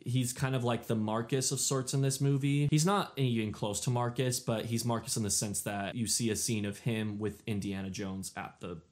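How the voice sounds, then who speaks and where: A man's voice: medium pitch, steady tone, moderate pace, hardly any pauses, a little mellow. A young man hosting a casual ranking video, offhand and self-deprecating, often trailing off at the end of a thought. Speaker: movie ranking host. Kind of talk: casual list commentary.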